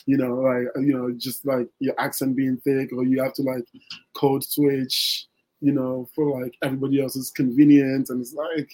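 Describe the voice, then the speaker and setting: A man's voice: mid-range voice, little pitch movement, normal speed, warm tone, low-quality recording. A man talking casually as a guest poet in an interview, rambling with many fillers and restarts.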